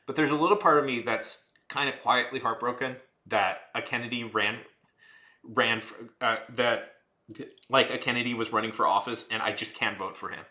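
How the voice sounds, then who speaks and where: Streamer man, 30s, rambling and ranty, sharp bright tone, echoey room. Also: medium pitch, normal speed. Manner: rambling, heavy use of "like", restarts and trails off; heated, ranting. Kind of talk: casual rambling chat while drawing.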